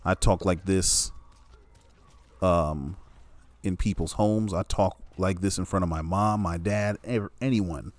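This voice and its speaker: A man's voice: low voice, slow pace, no room sound. A man delivering a blunt, heavily profane opinion monologue, stressing his points hard and often checking in with "you know what I'm saying.". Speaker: commentator.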